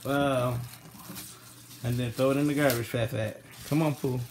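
A casual home-kitchen vlogger speaks in a steady, mid-range male voice at a moderate pace, with light background noise. He teaches kids to cook in an encouraging coach's tone, coaxing them patiently and calling out directions.

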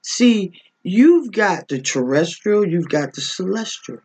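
A woman preaching a spiritual teaching with a husky, breathy voice. She speaks slowly and deliberately, her pitch swinging widely as she presses her listeners with repeated rhetorical questions and a frequent "okay?". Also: lively intonation, a little mellow. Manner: emphatic, asks rhetorical questions, often says "okay?".

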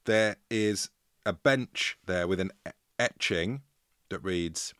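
Deep-voiced man telling a story. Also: slow pace, clear, resonant tone, no echo, studio quality. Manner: playful, jokey, lively retelling. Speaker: podcast co-host and storyteller. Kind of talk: casual comedic storytelling chat.

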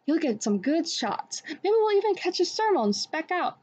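A woman reading a storybook, voicing a calm, kind adult male instructor who speaks gently and reassuringly. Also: very high-pitched, normal speed, voice pushed up. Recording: dull lo-fi recording.

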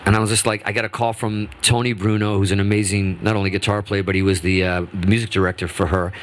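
A man in his fifties, a guest musician telling stories in a casual radio interview, animated and quick to act out quotes, with many restarts. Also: fairly low pitch, a little hiss or hum. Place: radio studio.

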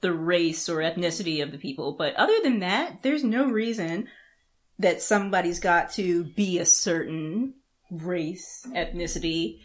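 A woman's voice: fairly low pitch, unhurried. A woman co-hosting a podcast in casual chat, rambling through her points with many fillers and giggles. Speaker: podcast co-host.

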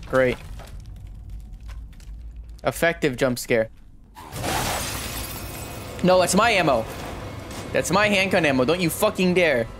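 An excitable young man streams a game from home, his voice highish and swinging wildly up and down. He trash-talks the enemies with lots of swearing and speaks unhurriedly between outbursts. A faint hum of room noise sits behind him. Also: slow, pauses often. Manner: excitable, profane trash-talk. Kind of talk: let's play commentary.

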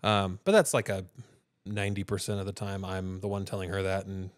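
Here the podcast co-host, a father, speaks in a low voice with a completely flat delivery and a slightly fast pace. He wanders through stories in casual chat, performing others' quotes in different voices. The studio-quality audio has no echo.

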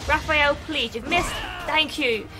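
A young woman commentating her own game play, excitable and prone to swearing. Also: sits high, unhurried, over music. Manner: excitable, swearing, laughing often. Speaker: gaming video host.

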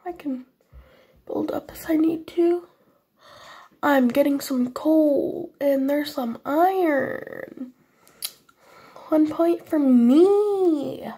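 While playing Minecraft, a woman who hosts a gaming channel apologizes casually and chats with her audience in a vague fake foreign accent, sniffling after a cold. She speaks slowly with long pauses, in a high-sitting voice with a dark tone.

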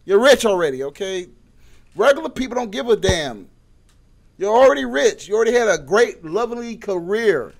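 Male comic ranter with a high, animated voice that swings wide. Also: normal speed. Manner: exasperated, repeatedly yelling for someone to shut up. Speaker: comedy vlogger. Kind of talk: comedic rant.

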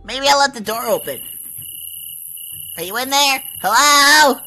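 High bright young woman gamer. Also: unhurried, long pauses, low-quality recording. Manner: jumpy, easily startled, shrieks when scared. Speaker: gaming channel host. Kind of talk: let's play commentary. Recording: faint game music behind. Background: game music.

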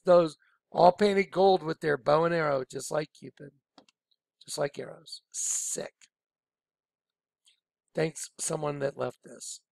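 Gravelly-voiced man giving emphatic commentary. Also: fairly high pitch, no room sound, clean studio sound. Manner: emphatic, rambling, repeats himself. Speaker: online video presenter. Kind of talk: casual commentary over on-screen images.

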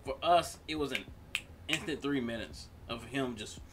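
A man's voice: mid-range voice, normal speed, background noise. A man hosting a reaction video, commenting casually with swearing and laughter.

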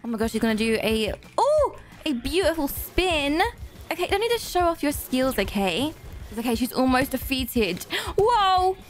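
High, lively young woman gamer. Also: normal speed. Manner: animated, gasping and squealing at surprises. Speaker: gaming video creator. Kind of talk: playing an obby game and narrating. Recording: faint background game music.

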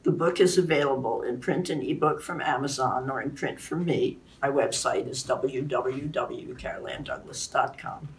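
A woman author introducing and reading aloud from her own novel in a clear, animated way. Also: low-pitched, distant mic.

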